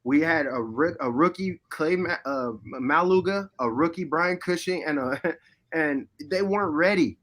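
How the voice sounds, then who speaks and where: Male guest storyteller, raised pitch, animated retelling, chat podcast. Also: measured pace. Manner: animated storyteller, shouting replays. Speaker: former player guest.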